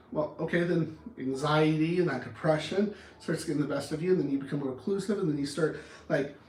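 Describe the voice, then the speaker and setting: Male anger coach, animated delivery, high register, roomy echo on the track. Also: recorded from a distance. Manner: animated, acts out arguments in different voices. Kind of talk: motivational talk on anger. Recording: roomy echo, speaker off-mic.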